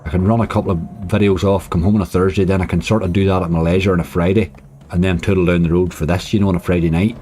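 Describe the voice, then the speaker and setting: A man's voice: low-pitched, little pitch movement, fast talker, mellow, slight background noise. A man casually commenting on his slot play, chatty and cheering when bonuses land. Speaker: slots streamer.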